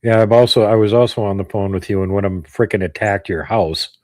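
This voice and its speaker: A man chatting casually as a co-host, calm and with dry humor. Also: fairly low pitch, fairly quick, dry recording. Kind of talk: casual chat.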